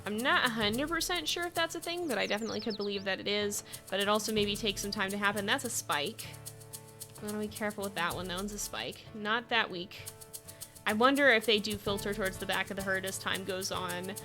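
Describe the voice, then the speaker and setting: A woman's voice: medium pitch, a little fast, sharp tone. A woman streaming a game live, chatting with her viewers and urging her animals along, often breaking into giggles. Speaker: gaming streamer. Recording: game music under the voice. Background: background game music.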